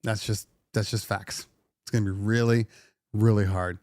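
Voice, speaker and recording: Venting on his casual DJ podcast livestream, a middle-aged host keeps slipping into sarcastic put-on voices, animated in what he says. Yet his lowish, slightly mellow voice comes across flat at a moderate pace, in clean studio sound with no echo.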